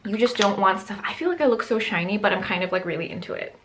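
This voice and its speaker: A woman's voice: medium pitch, animated, fast talker, fairly bright tone, a little hiss or hum. A woman beauty vlogger at home, talking casually and rambling through her skincare and makeup products into a camera mic. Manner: chatty, rambling product run-down with fillers. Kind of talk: casual makeup vlog talk.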